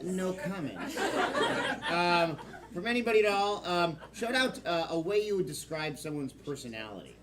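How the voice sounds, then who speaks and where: A man's voice: sits high, expressive, normal speed, background noise. A man hosting a live improv comedy show, taking suggestions from the audience with many ums. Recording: live show with crowd laughter.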